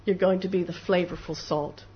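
A woman's voice: on the low side, steady tone, moderate pace. A woman preaching a devotional sermon in an earnest way, sometimes acting out the voices of doubters and of people praying. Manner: earnest, acts out little voices of doubters and prayers. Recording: dull lo-fi recording with faint noise.

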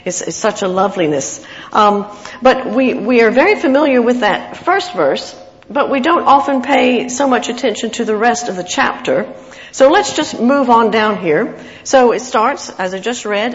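Lady preaching a casual sermon, a bit high, echoey muffled hall, reads verses with lots of feeling. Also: moderate pace. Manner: expressive, reads scripture with rising emotion. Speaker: lay preacher. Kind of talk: informal sermon.

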